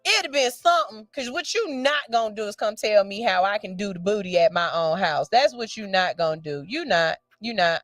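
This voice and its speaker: A woman's voice: medium pitch, no echo. A woman radio host reads out a listener's letter and gives a blunt, sassy, profane verdict with theatrical outbursts.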